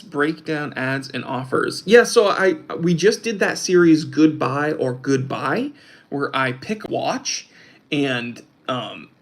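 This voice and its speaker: A young man hosting a casual livestream, reading out chat and rambling with restarts and fillers. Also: on the high side. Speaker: host of a watch channel, reading live chat.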